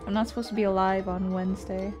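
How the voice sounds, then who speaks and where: Excitable woman streamer yelling at a game. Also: mid-range voice, fast talker, over music. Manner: excitable, panicky repeated shouts and frequent swearing. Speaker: VTuber streamer. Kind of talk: casual live gameplay commentary.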